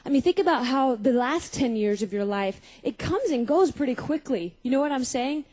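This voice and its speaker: Young woman, high voice, mellow tone, testimony sermon, storytelling, asks the crowd questions. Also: expressive, moderate pace, rough recording. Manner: storytelling, questioning the audience, acting out scenes. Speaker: speaker at a Christian youth gathering.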